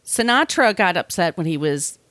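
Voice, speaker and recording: A woman podcast host telling a true-crime story in casual chat, sardonic and quick to laugh. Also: lowish voice, sing-song, fairly bright tone, no room sound. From Long Island, New York. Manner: chatty, sardonic, laughs often, slips into put-on voices.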